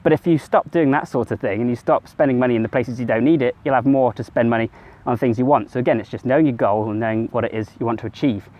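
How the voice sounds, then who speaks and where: A man's voice: mid-range voice, fast talker, highs cut off. A man talking casually to camera in a rambling, conversational way, sometimes correcting himself mid-sentence. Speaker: vlogger. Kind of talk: casual self-help monologue to camera.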